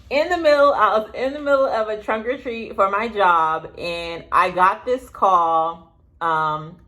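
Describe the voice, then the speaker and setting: A young woman telling a story to her viewers in a casual vlog, rambling and chatty with quick asides. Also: medium pitch, fairly bright tone. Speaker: vlogger. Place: indoors, sitting at home.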